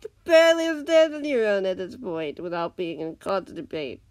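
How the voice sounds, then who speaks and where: A woman reading aloud, voicing a cold, scheming male villain who speaks calmly and menacingly. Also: mid-range voice, moderate pace, dry recording, natural voice. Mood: cold taunting. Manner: calm, menacing, sometimes whispered.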